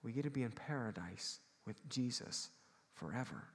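A Midwestern pastor preaches to his church in an earnest voice, often pausing to ask for an amen. His voice sits at an ordinary middle pitch for a man. The sound carries a long reverb from the hall around him. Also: lively intonation. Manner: earnest preaching, calls for amens. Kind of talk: sermon.

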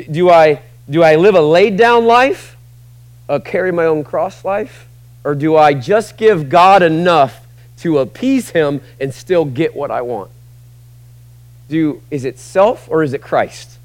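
A male pastor preaching a sermon, swinging between loud emphatic peaks and quiet conversational asides. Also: on the high side, expressive, a little slow, dry recording.

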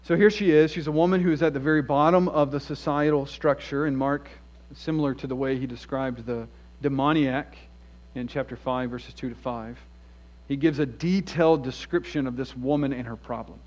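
Male pastor, earnest sermon, medium pitch, slightly muffled lo-fi audio. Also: steady tone, normal speed. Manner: earnest, storytelling, shifts between emphatic and hushed. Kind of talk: expository sermon. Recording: dull lo-fi sound.

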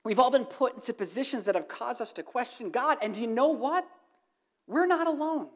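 A woman's voice: on the high side, expressive, a little fast. A woman preaching a sermon to her congregation, emphatic and building to impassioned, repeated questions. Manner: emphatic, rising to impassioned repetition.

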